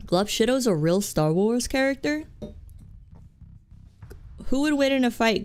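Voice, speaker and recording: Slow, smooth-voiced young woman streamer. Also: a little high, expressive, darkish tone. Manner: rambling, goofy, self-mocking, with many restarts. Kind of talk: live game stream chat.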